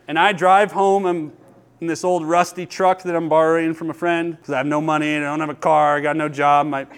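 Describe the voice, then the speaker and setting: A man's voice: fairly high pitch, a little fast, a little hiss or hum. A man in his thirties preaching a sermon, earnest and telling personal stories with laughter. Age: 30s. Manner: earnest, storytelling, lively with laughter. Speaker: pastor.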